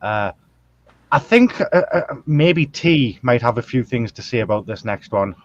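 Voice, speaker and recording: A man's voice: mid-range voice, expressive, a little slow, no room sound, muffled recording. A man hosting a casual podcast chat, hesitant and full of ums, who swears casually. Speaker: host.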